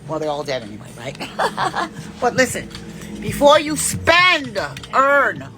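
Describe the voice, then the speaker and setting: A woman's voice: fairly high pitch, wildly swooping pitch, slow, over music. A woman in her fifties giving blunt, profane life advice in an unscripted monologue. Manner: blunt, profane and preachy, with big swings in emphasis.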